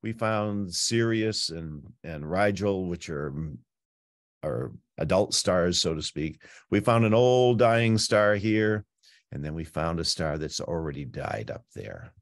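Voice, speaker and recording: A man presenting a night sky tour, teaching in a chatty, playful way with frequent jumps in pitch. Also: lively intonation, slow, dry recording, studio quality. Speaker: planetarium presenter. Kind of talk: informal astronomy talk.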